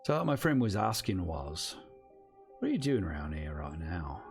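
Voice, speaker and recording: A man voicing a menacing street thug who speaks slowly and threateningly. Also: deep voice, big pitch swings, gravelly, faint music behind, exaggerated voice. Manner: slow, threatening and clipped. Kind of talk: tabletop role-play voice.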